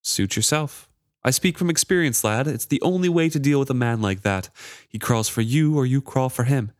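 A man reading aloud as a blunt, rough-mannered grown male guard giving hard advice. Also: mid-range voice, normal speed, no echo, studio quality, voice pushed up, natural voice.

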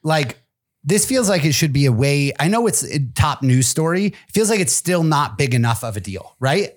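A man co-hosting a podcast in casual chat, relaxed and laughing, reading news notes aloud. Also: on the high side, moderate pace. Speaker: podcast co-host.

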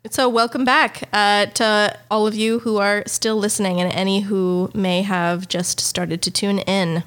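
A woman's voice: mid-range voice, flat delivery, a little slow, a bit bright, clear, resonant tone. A young woman co-hosting a podcast in casual chat, giggly and full of questions. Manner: chatty, giggly, asks questions. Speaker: podcast co-host.

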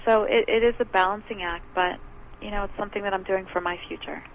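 A woman's voice: mid-range voice, fairly even intonation, fast talker, low-quality recording. A woman business owner is a guest on an interview, with faint noise in the background. She talks chattily and explains her ideas in simple, everyday examples. She often acts out what other people say. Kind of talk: conversational interview.

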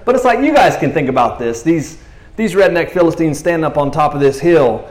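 Animated male preacher, echoey room. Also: a little high, a little fast. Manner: chatty, laughs often, acts out the story in voices. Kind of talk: casual, animated sermon.

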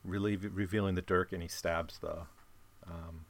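A man's voice: sits low, steady tone, unhurried, no echo. A man casually summing up and discussing a novel, rambling with many fillers and restarts. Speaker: book discussion host. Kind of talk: casual book summary talk.

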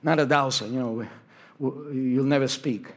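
Passionate preacher with a husky voice. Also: male voice, mid-range voice, steady tone, normal speed. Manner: impassioned preaching, swinging from shouts down to hushed, near-whispered lines; slips into Spanish phrases. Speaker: pastor. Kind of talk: sermon. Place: church sanctuary.

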